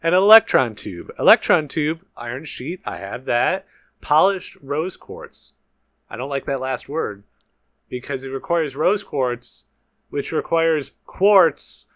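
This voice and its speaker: A man's voice: fairly high pitch, very animated, takes it slowly, a bit bright, no room sound. Man, gameplay commentary, thinking aloud, swears, self-mocking, dry close mic. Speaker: gaming YouTuber. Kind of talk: solo Let's Play commentary.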